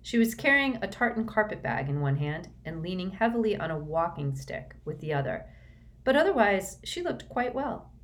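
A woman reading a storybook aloud in a steady, measured way. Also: medium pitch. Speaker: audiobook reader. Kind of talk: storybook narration.

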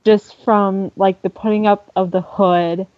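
A woman's voice: mid-range voice, level tone, measured pace, no echo. Female panelist, keen and thoughtful, dead-dry muffled mic. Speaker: podcast panelist. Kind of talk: casual panel chat.

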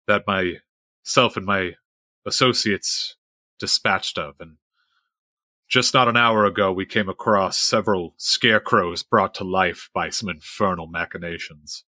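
A man's voice: fairly low pitch, sharp tone, no echo, clean studio sound. A man playing a character in a tabletop game, speaking in a formal, old-fashioned way. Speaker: player. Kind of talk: in-character role-play.

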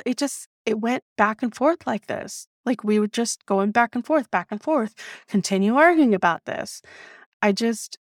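A woman hosting a podcast, telling a personal story in an animated, emphatic way, swearing freely and calling her listeners "y'all". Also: a little high, dry recording, clean studio sound. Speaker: podcast host. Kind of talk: casual storytelling monologue.

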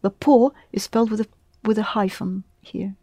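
A woman's voice: mid-range voice, fairly even intonation, moderate pace, warm tone, no echo, clean studio sound. A woman teaching a language class, patiently prompting her students with questions. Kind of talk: classroom lesson.

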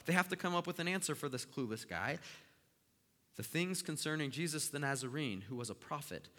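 In this sermon, a pastor with a fairly high, bright, and forceful voice animatedly retells the story, shifting from slow, soft lines to loud, emphatic ones. Every phrase is followed by a long hall reverb.

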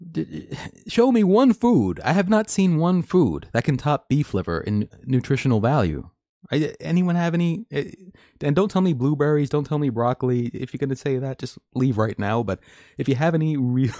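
A man's voice: on the low side, a little mellow, dry recording, clean studio sound. A man hosting a live stream, reading news articles and commenting in a chatty, opinionated way with many fillers and restarts. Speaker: host.

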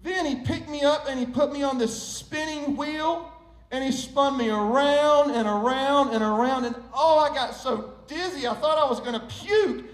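A man voicing a long-suffering talking teacup in a sermon story, crying out in high pleas. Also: moderate pace. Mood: plaintive. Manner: storytelling, rising to high pleading cries. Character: old teacup, male, long-suffering and wondering. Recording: roomy echo.

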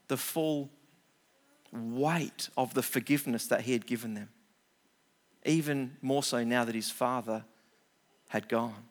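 A middle-aged man, preaching a sermon, reading scripture aloud and explaining it with animated asides. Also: fairly high pitch. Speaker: pastor.

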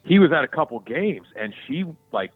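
A man's voice: mid-range voice, moderate pace, slightly rough, no echo, soft background music. A man co-hosting a podcast, telling sports stories in a loose, profane way and acting out the voices of the people he quotes. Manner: profane, animated storytelling with acted-out quotes. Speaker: podcast co-host. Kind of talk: casual podcast chat. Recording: dry, tinny phone-like sound.

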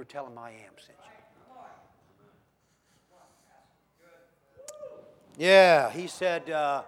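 A high-voiced man delivering a sermon. He swings from hushed, measured lines to loud, shouted peaks. He acts out the voices of the figures he quotes. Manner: dramatic, swinging from soft to shouting. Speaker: preacher.

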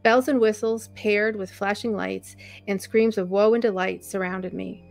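A woman's voice: mid-range voice, steady tone, a little slow, gravelly, faint music behind. A woman reading a first-person memoir chapter aloud as a podcast co-host.

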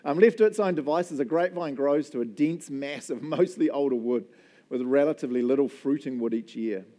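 A man with a New Zealand accent preaching a casual, jokey sermon in church, telling animated stories with self-deprecating asides. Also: medium pitch, a little fast. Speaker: pastor.

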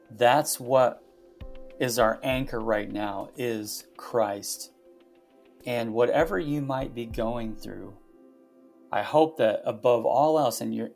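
Gravelly-voiced man reflecting on scripture. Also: mid-range voice, darkish tone. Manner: reflective, halting, with many fillers. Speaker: pastor and podcast host. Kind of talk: conversational devotional podcast talk.

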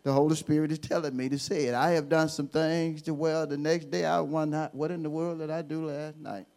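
Male bishop, high gravelly voice, fiery call-and-response sermon. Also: little pitch movement, brisk. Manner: fiery call-and-response preaching, swinging from hushed to shouting. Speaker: bishop preaching.

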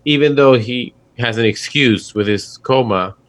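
A man's voice: mid-range voice, a little slow, fairly bright tone. A man co-hosting a casual movie podcast, earnestly laying out an analytical argument. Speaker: podcast co-host. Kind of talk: casual film discussion.

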